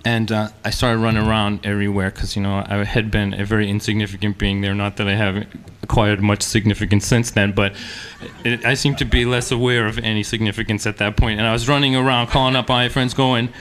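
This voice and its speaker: A man telling a funny story from a stage, animated and self-mocking, chuckling as he goes. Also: lowish voice, brisk, a little hiss or hum. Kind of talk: live storytelling anecdote.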